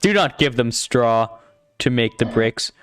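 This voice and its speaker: A man's voice: medium pitch, expressive, measured pace, a bit bright, smooth, soft background music. A man doing a pompous tyrant king. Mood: haughty. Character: haughty tyrant king, cruel and proud. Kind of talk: dramatic reading with voices.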